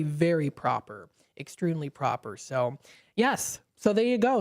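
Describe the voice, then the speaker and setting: A woman's voice: medium pitch, a little mellow. A woman hosting a local radio show, chatting casually and rambling a little, with frequent fillers and easy laughs. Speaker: radio host. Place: radio studio. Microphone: studio microphone.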